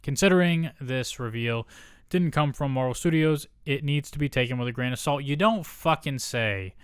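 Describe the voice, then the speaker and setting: A man hosting a casual news rundown, full of sarcastic, swearing asides. His voice is smooth and clear, at a middle pitch. The sound is dry and close, with no room echo. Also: normal speed. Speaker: host.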